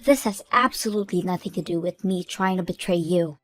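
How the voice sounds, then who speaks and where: A woman voicing a calm, patient young bride-to-be. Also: on the low side, fairly quick, lightly acted. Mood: pleading. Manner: soothing, reasonable. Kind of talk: animated story voice acting.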